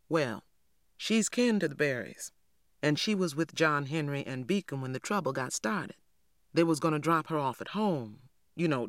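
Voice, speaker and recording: A man voicing a gossipy older Southern churchwoman in a storybook reading, telling a story in a chatty, animated way. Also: a little high, dry recording, studio quality, pitched above the performer's own voice, lightly acted.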